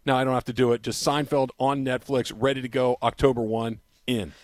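A man co-hosting a sports radio show, chatting in a loose, animated way, laughing often and repeating himself. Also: mid-range voice, brisk, no room sound, clean studio sound. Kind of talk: casual radio banter.

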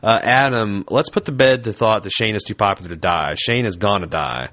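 A man's voice: on the low side, a little fast, sharp tone. A man from Indianapolis hosting a podcast, chatting casually in a blunt, wry way with a lot of swearing. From Indianapolis, USA. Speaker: podcast host. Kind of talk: casual chat.

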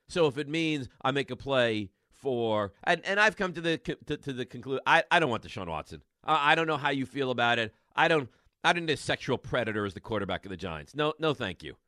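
A man's voice: medium pitch, big pitch swings, a little fast, bright, forceful tone, dry recording, studio quality. A man hosting a sports radio show, ranting in a rambling, exasperated monologue full of restarts.

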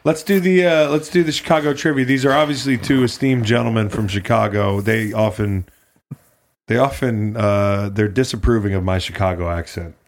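A man's voice: lowish voice, steady tone, normal speed. A man hosting a casual chat, joking around and swearing freely. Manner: profane, joking. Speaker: host. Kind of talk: casual podcast banter.

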